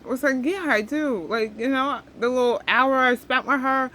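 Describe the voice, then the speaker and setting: A woman's voice: high-pitched, normal speed, few pauses, pushed and bright, a little hiss or hum, rough recording. A young woman venting to camera, upset and rambling, often repeating herself. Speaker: vlogger.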